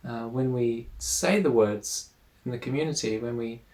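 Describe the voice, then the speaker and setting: A man teaching an explanatory lesson, explaining step by step in a patient, measured way. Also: medium pitch, a little mellow.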